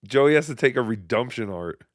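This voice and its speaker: A man's voice: medium pitch, animated, normal speed, dry recording, clean studio sound. A male podcast host giving mocking, sarcastic commentary on clips.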